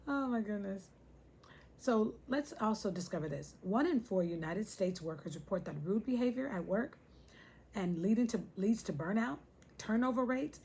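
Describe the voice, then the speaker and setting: A woman's voice: medium pitch, gravelly, a little mellow, slight background noise. A woman hosting a casual talk to her viewers, chatty and playful, speaking to them directly. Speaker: host.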